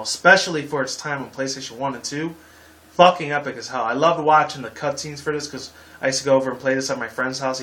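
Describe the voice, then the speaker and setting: A man's voice: medium pitch, a bit bright, low-quality recording. A man in his twenties hosting a casual game-review video, rambling and heated, with frequent swearing. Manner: casual sign-off slang. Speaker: gaming video host.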